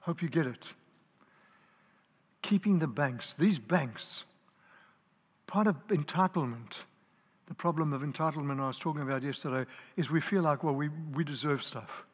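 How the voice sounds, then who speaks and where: A man's voice: fairly high pitch, moderate pace, pauses often, slightly rough. A man preaching a sermon in an earnest, emphatic way, stacking up lists and repeating key words. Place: church hall. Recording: live in a large reverberant hall.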